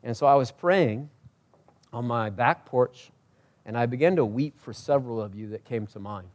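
A pastor delivering a sermon, rising to loud emphatic peaks and dropping to quiet, personal asides, talking conversationally and asking the congregation questions. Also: male voice, moderate pace. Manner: swings from loud preaching peaks to quiet intimate lows; conversational, self-correcting, asks the crowd.

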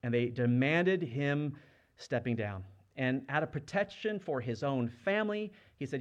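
A man's voice: medium pitch, animated, unhurried, muffled recording. Earnest male pastor preaching. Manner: earnest, conversational, asks the congregation questions. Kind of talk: sermon.

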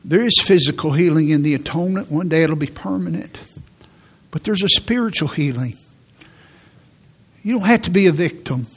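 A man giving a sermon as a pastor, preaching in a church with slow, emphatic delivery and repeated key words. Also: a little high, husky. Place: church sanctuary.

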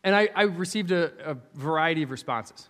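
A man preaching a sermon, telling stories from teaching kids and acting out their replies in a lively way. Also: a little high, fairly quick. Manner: animated storyteller, acts out students' replies. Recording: long hall reverb.

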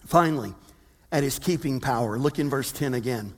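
A man preaching a sermon, swinging between loud emphatic lines and low hushed ones. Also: normal speed. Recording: long reverb of a large hall.

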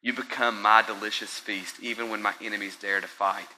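Sharp-voiced man preaching a sermon. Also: on the low side, a little hiss or hum, rough recording. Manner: conversational preaching, checks in with listeners; swings from soft and slow to loud and excited. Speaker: pastor.

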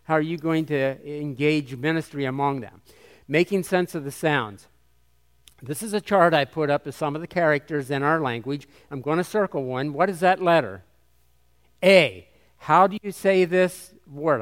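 A man with a clear, resonant voice, pitched a bit above the usual, speaks to a conference crowd as a missionary. He teaches by quizzing the audience and drawing out sounds slowly so they can hear them. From United States. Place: hall with a live audience.

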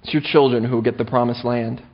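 A man's voice: mid-range voice, steady tone, fast, voice pushed down, natural voice. A man voicing a stern God pronouncing judgment in a grave, solemn tone, on a dull lo-fi recording.

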